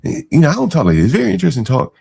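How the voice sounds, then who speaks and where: Deep husky dude doing podcast commentary, dark raspy voice, swings up and down a lot, kinda mocking. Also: male voice, wildly swooping pitch, racing. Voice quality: deep gravelly voice. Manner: mocking, incredulous asides with frequent fillers. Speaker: podcast host reacting to clips. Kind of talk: casual commentary.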